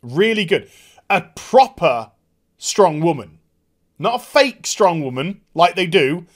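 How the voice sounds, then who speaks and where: A man giving a casual, animated and profane TV episode review. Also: sits high. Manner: animated, profane, quick impressions. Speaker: TV show reviewer.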